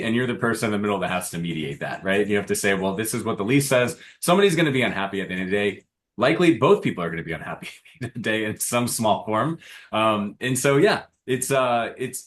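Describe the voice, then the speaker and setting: A man's voice: fairly low pitch, fairly bright tone. A man hosting a business podcast, talking casually and using plenty of filler phrases as he chats with his guest. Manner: casual, uses fillers like "you know". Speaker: podcast host. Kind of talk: conversational interview.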